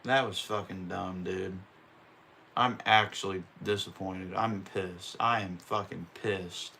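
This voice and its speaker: Bright-voiced man ranting through a race call. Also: low-pitched, fairly even intonation, takes it slowly, gravelly, slight background noise. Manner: profane, openly frustrated ranting. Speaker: streamer calling a race. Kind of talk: casual live-stream play-by-play.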